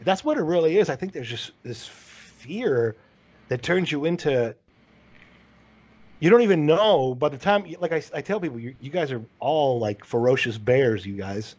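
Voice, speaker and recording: A man's voice: on the high side, animated, normal speed, darkish tone, husky. A man hosting a podcast in casual chat, rambling and saying "dude" often. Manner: rambling, says "dude" a lot. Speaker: podcast host.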